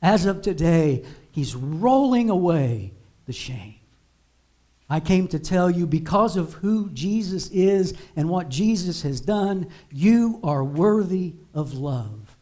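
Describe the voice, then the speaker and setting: A male pastor preaches a sermon in an unhurried, measured cadence. His voice sits a little high for a man, and he builds his points through emphatic repeated declarations. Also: expressive, warm tone. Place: church sanctuary.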